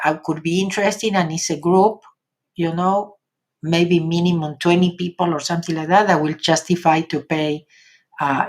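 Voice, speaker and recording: Argentinian-accented woman, lowish voice. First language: Spanish. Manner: chatty, frequent "yes?" tag questions. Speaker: spiritual teacher. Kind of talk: live-stream talk.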